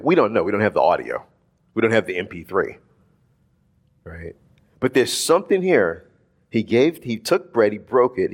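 Animated man preaching casually. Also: fairly low pitch. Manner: animated, conversational, lots of "like" and "right?". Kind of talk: casual sermon.

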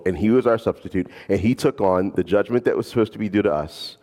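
A man preaching a sermon as a pastor, animated and casual, slipping in jokes. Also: lowish voice, fast talker, few pauses, big-room sound.

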